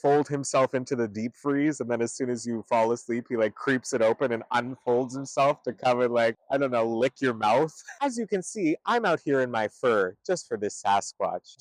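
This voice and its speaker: A man hosting a comedy travel vlog outdoors at roadside attractions, cracking puns in bursts of exaggerated excitement. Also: mid-range voice, normal speed, hardly any pauses, no echo.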